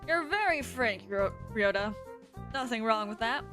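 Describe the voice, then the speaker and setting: Woman doing a flamboyant pigeon gentleman. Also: fairly high pitch, animated, music in the background. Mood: playful. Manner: theatrical, drawn-out, flowery speech. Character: flamboyant charming male pigeon schoolboy, unbothered.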